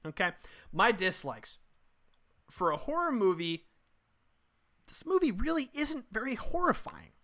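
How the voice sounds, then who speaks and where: A man's voice: high voice, big pitch swings, unhurried, pauses often, pushed and bright. A man co-hosting a casual movie review podcast, ranting bluntly and profanely. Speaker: podcast co-host.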